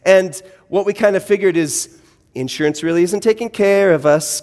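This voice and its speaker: High-voiced pastor in a reverberant church hall. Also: male voice, moderate pace, a little mellow. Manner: wry, self-deprecating conversational humor. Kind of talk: sermon with personal storytelling. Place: church sanctuary.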